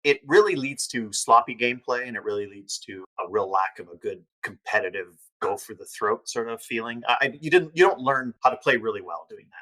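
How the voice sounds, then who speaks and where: A man's voice: mid-range voice, expressive, a little fast, hardly any pauses, pushed and bright, rough recording. A man who is a guest on a podcast, talking candidly and at length in casual chat.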